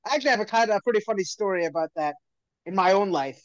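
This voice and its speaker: Animated, laughing podcast storyteller man. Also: sits high, rapid-fire, dry recording. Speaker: podcast co-host. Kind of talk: casual chat, storytelling. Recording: dry, slightly muffled lo-fi audio.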